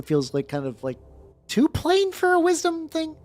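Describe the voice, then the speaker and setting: A streamer playing a video game, reacting aloud with swearing and reading the game's text out loud. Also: medium pitch, wildly swooping pitch, fairly quick. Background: faint background music.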